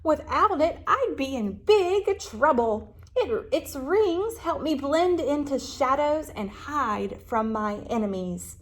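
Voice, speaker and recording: A woman's voice: high-pitched, expressive, slow pace, few pauses, voice pushed up. A woman voicing a chattering male raccoon who is proud of his bushy tail, in a storybook reading. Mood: emphatic. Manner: chattering and emphatic.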